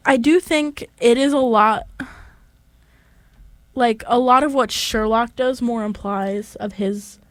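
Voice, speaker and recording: A woman's voice: a little high, steady tone, slow pace, pauses often, dry recording. A woman co-hosting a podcast, chatting casually and enthusiastically, rambling with restarts. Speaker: podcast co-host. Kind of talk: casual chat.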